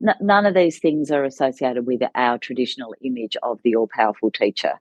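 A woman's voice: extremely low pitch, fairly quick, slightly rough, no room sound. A woman co-hosting a casual chat, speaking thoughtfully and affirming her guest often. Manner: thoughtful, affirming, many soft backchannels. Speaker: podcast co-host in education.

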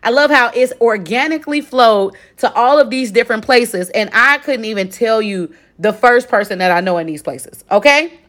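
Chatty, animated woman podcast host. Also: fairly high pitch, normal speed, few pauses. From Chicago. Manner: chatty, animated, lots of direct address and 'okay?'. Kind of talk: casual solo podcast recap.

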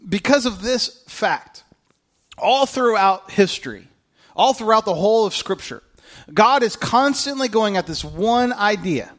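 A high-voiced male pastor delivers an Easter sermon in a casual, conversational style. He reads scripture aloud and shifts between quiet asides and emphatic high points.

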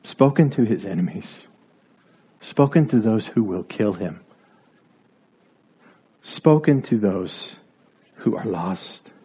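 A man's voice: fairly low pitch, lively intonation, takes it slowly, pauses often, dark tone, breathy edge. A man preaching a sermon, driving his points home with repeated rhetorical questions and building to emphatic peaks.

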